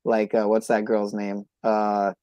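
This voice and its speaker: A man's voice: lowish voice, monotone, a little slow, no room sound. Rambling, hesitant podcast host man. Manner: rambling, hesitant, trailing off quietly. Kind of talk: casual livestream chat.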